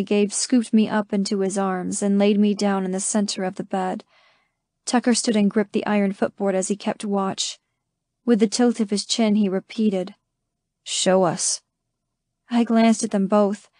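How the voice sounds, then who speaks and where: Intimate, mellow woman narrator. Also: medium pitch, no room sound, studio quality. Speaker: audiobook narrator. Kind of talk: scripted first-person narration.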